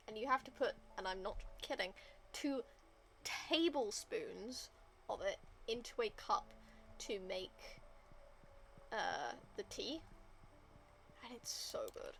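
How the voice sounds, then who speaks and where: A woman's voice: mid-range voice, a bit bright, a little hiss or hum. A young adult woman streamer chatting casually over her game, muttering to herself and now and then whispering a swear under her breath. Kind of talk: casual gameplay commentary.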